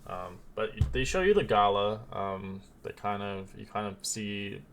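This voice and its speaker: A man narrating as game master of a tabletop game, rambling with many pauses and restarts. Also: on the low side, gravelly, a bit bright, a little hiss or hum.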